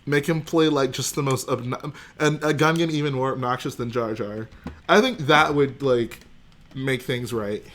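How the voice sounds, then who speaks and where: A man's voice: mid-range voice, moderate pace, fairly bright tone. Joking young man streamer. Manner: joking, chatty, responds to chat. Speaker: livestream host. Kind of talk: casual livestream chat.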